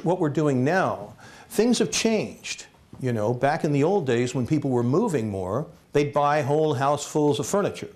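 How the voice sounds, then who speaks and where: A man's voice: on the high side, a little mellow. American man telling stories at a talk. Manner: storytelling, acts out quoted people. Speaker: speaker giving a talk. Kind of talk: conference talk with anecdotes. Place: lecture hall.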